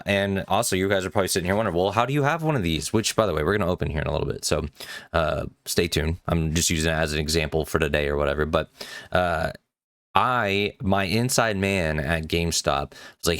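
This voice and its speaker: A man's voice: deep voice, fairly quick, a bit bright, clear, resonant tone, no echo, studio quality. A man casually telling a rambling story to his viewers, with many fillers, acting out the back-and-forth of conversations. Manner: rambling, many fillers, acts out quoted exchanges. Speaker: trading card collector vlogger.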